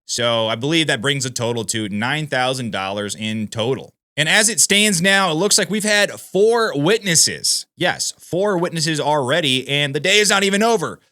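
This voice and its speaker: A man's voice: a little high, expressive, normal speed, hardly any pauses, bright, forceful tone. A man hosting political news commentary in a casual, emphatic way, calling his viewers "guys".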